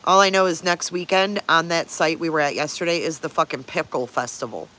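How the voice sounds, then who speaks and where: A woman's voice: sits low, brisk, pushed and bright, a little hiss or hum. Blunt older woman chatting on a livestream. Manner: blunt, swears freely, chuckles often. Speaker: livestream host. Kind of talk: casual livestream chat, answering viewers.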